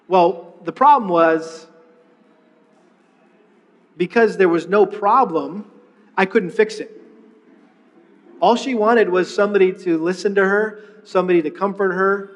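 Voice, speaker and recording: A middle-aged man preaching a sermon, telling a personal story with lively retellings and frequent restarts. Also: high voice, normal speed, pauses often, big-room sound. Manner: storytelling, animated, with many restarts. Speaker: pastor.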